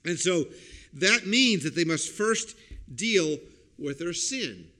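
A man preaching a sermon as a pastor, explaining a passage and checking in with listeners with "okay?" and "right?", and breaking into loud acted-out quotes. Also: high voice, expressive, slow pace. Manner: acts out quoted lines with sudden loud outbursts.

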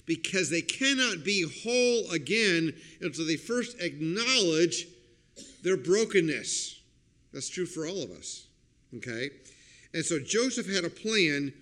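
A man preaching a sermon as a pastor, explaining a passage and checking in with listeners with "okay?" and "right?", and breaking into loud acted-out quotes. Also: on the high side. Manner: acts out quoted lines with sudden loud outbursts.

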